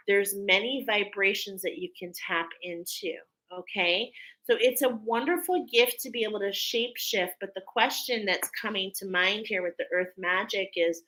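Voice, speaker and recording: Bright-voiced woman giving oracle guidance. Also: mid-range voice, rough recording. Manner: warm, affirming, repeats "okay?" often. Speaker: spiritual channel host, oracle reader. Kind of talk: casual spiritual guidance talk.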